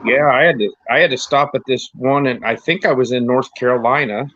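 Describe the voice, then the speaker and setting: A man from the United States spins loose, rambling road stories in a casual chat and laughs often along the way. His voice sits at a middle pitch and comes through a dull, lo-fi, dry recording. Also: a little fast, a bit bright, no room sound. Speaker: podcast host.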